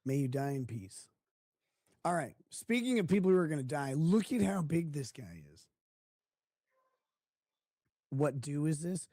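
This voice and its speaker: Mellow-voiced man mocking on a live stream. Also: on the high side, expressive, a little slow, pauses often, dry recording. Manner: crude, mocking, frequent laughter. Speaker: streamer host. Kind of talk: casual live-stream reaction chat.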